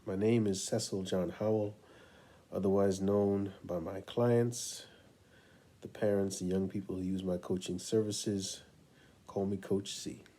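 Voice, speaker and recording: A middle-aged man, a parent coach, telling a story in a relaxed, unhurried way with many pauses. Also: deep voice. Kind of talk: casual storytelling talk to camera.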